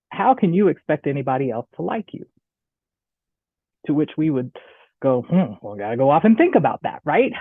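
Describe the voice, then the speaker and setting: A woman with a Southern US accent giving a chatty, animated online presentation, often checking in with "right?". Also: sits low, no room sound. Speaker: guest speaker. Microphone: video call. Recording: tinny phone-like audio, dry.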